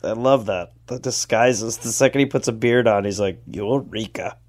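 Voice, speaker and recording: A man's voice: mid-range voice, normal speed, darkish tone. A middle-aged man co-hosting a comedy podcast, joking around playfully and laughing often. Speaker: podcast co-host. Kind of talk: casual comedic banter.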